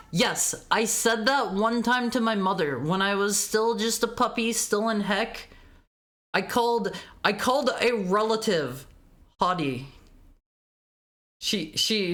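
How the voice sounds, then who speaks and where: With a medium-pitched, slightly bright voice, a woman streams a video game and chats playfully, teasing her chat. It's casual game-stream commentary with game music playing in the background.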